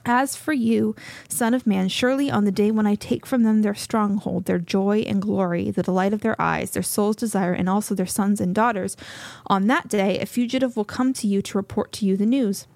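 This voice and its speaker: A woman reading scripture aloud as co-host of a Bible study, a little out of breath, in a measured, steady reading voice. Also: mid-range voice, gravelly, dry recording.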